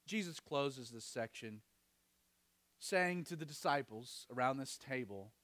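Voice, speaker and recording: A man's voice: mid-range voice, animated, a little slow, fairly bright tone. A man preaching a sermon as pastor, earnest and emphatic.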